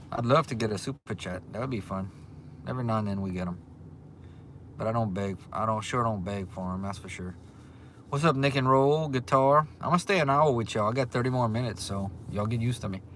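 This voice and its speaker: A man's voice: fairly low pitch, brisk, fairly bright tone, a little hiss or hum. Chatty Cajun man on a livestream. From Louisiana. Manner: rambling, chatty, restarts often. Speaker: livestream host. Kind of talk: casual livestream chat reading comments. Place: restaurant.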